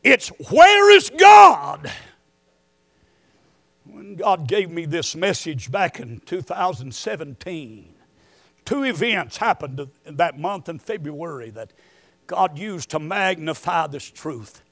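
Male preacher, middle-aged, high voice, unhurried, dry close sound. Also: lively intonation, dry recording. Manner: swings from quiet storytelling to shouted emphasis. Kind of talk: sermon.

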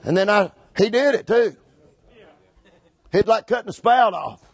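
Shouting preacher with a high voice. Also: male voice, lively intonation, unhurried, creaky, husky. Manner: rhythmic, repetitive, builds to shouting. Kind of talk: fiery Pentecostal-style sermon.

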